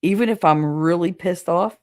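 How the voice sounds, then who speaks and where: A woman host chatting casually and bluntly with viewers, swearing freely, her throat raw and hoarse. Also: fairly low pitch, normal speed. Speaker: show host reading viewer comments. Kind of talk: casual solo livestream chat.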